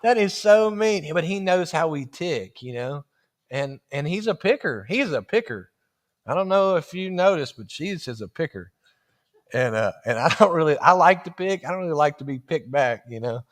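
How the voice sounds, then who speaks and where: Man, folksy preacher, storytelling sermon, animated, fairly high voice. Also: moderate pace. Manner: folksy, animated, acts out dialogue with laughs. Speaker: guest preacher.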